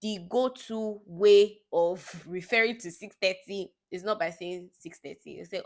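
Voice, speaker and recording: A woman's voice: on the low side, unhurried, few pauses, a little mellow. A young woman vlogging in a casual chat to the camera, telling stories with laughing asides. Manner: chatty storytelling with laughing asides.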